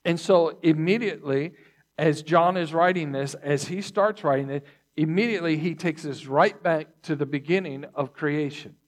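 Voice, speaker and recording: A man preaching a sermon, teaching slowly and deliberately, repeating key phrases and clearing his throat between points. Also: on the high side. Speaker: pastor.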